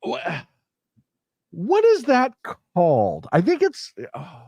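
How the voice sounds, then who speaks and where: Emphatic, lively-voiced man commentator. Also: sits high, takes it slowly, gravelly, dry recording. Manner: emphatic, indignant, rhetorical questions. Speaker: podcast co-host. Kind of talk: opinionated political commentary.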